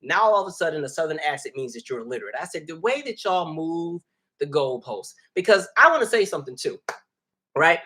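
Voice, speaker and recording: A man's voice: fairly high pitch, sing-song, brisk, sharp tone. A man hosting a casual livestream, talking animatedly, laughing and reading viewer comments aloud. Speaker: livestream host.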